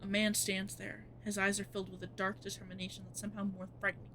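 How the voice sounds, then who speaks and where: A woman streamer reading a horror game's narration aloud in a measured, ominous way. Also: mid-range voice, flat delivery, background noise.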